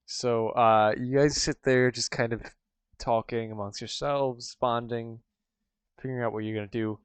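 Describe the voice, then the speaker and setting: A man's voice: mid-range voice, fairly even intonation, normal speed, smooth, dry recording. A man running a tabletop game as game master, narrating casually with rambling sentences and many fillers.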